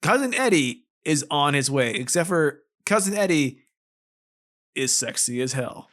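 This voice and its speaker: A man's voice: fairly high pitch, sing-song, measured pace, fairly bright tone. A man co-hosting a podcast in casual chat, making sarcastic jokes and swearing casually. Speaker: podcast co-host. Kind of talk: casual chat recapping a film.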